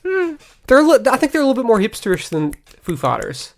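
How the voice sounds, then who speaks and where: A man's voice: extremely high pitch, huge pitch swings, quick pace, creaky. A man co-hosting a podcast in casual chat, joking and teasing and laughing often. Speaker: podcast co-host.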